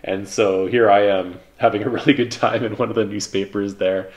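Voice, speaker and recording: A man in his thirties casually telling stories about his past, relaxed and rambling, with lots of fillers. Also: fairly low pitch, moderate pace. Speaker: vlogger, pilot. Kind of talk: casual reflective storytelling.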